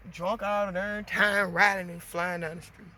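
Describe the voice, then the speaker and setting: A woman vlogger venting a storytime, animated and swearing, talking straight to her viewers. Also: medium pitch, normal speed, slight background noise. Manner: animated, swearing, addresses viewers as girl and y'all.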